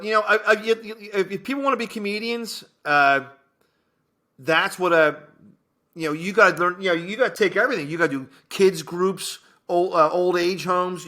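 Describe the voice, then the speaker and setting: A man's voice: sits high, a little fast, pushed and bright. A man co-hosting a podcast from a home studio, telling rambling stories in casual chat with many fillers and restarts. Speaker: podcast co-host, comedian.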